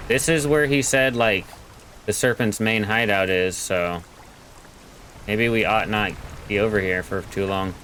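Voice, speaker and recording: A man's voice: fairly low pitch, a bit bright, slight background noise, low-quality recording. A man casually commenting on a game he's playing, slangy and joking. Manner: slangy, laid-back, joking. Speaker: gaming channel host. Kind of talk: casual let's play commentary.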